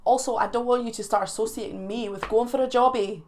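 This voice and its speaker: A woman's voice: a little high, steady tone, fast talker, darkish tone, slight background noise. Playful Scottish woman vlogging to camera. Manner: playful, laughs often, teasing asides. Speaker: YouTube reaction host. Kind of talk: chatty vlog to camera.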